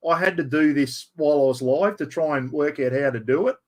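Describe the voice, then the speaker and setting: Speaking a little fast, an Australian livestream host with a fairly high-pitched voice addresses his live chat directly. It's a casual stream where he rambles cheerfully, laughs at his own fumbling with the software, and keeps calling out to everyone watching.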